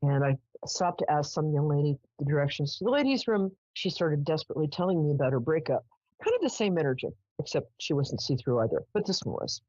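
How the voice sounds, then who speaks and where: A woman's voice: low-pitched, lively intonation, fast talker, darkish tone, no echo, lo-fi sound. A woman hosting a live call-in psychic show, chatty as she tells stories and affectionate with callers. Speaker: psychic radio host.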